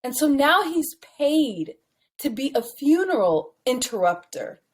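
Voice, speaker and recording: A woman co-hosting a podcast, telling stories in a casual, slangy, animated way with frequent laughter. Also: sits high, a little slow. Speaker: podcast co-host. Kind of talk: casual chat, storytelling.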